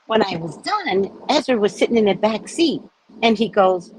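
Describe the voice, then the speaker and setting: A woman hosting a casual livestream chat, telling rambling stories in an animated way and greeting viewers. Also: medium pitch, unhurried, long pauses, slight background noise, poor audio. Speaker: livestream host.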